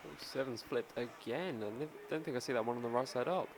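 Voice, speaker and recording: A man makes relaxed, dry remarks as co-commentator at a live race. His voice sits at a middle pitch, and steady background noise is clearly heard. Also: quick pace.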